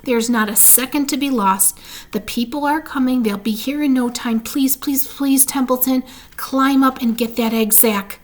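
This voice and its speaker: A woman's voice: sits high, moderate pace, close to an everyday voice. A woman reading a storybook aloud, voicing an anxious, earnest young male pig who pleads with emotion. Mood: urgent pleading.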